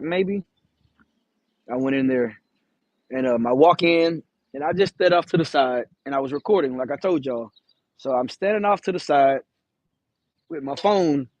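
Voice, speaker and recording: A truck driver tells a story in a casual vlog, speaking candidly, swearing some, and acting out the voices of the people involved. His voice is a little high with a darkish tone. The audio is dull, with no echo.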